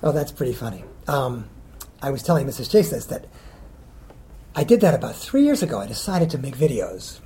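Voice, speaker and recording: A man's voice: medium pitch, big pitch swings, brisk, mellow, slight background noise. A middle-aged man, a children's poet, answering interview questions casually, rambling and hesitant with many ums.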